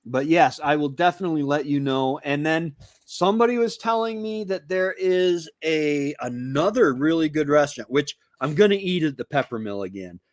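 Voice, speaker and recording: A man's voice: on the high side, expressive, moderate pace, few pauses, no echo, studio quality. A man hosting a casual live stream, rambling and chatty as he greets viewers by name from his home.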